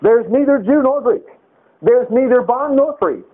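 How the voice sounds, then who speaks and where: Animated preacher man on a tinny line. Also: extremely high pitch, normal speed. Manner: animated preaching with scripture reading and asides. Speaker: pastor. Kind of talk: sermon. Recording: tinny phone-like recording.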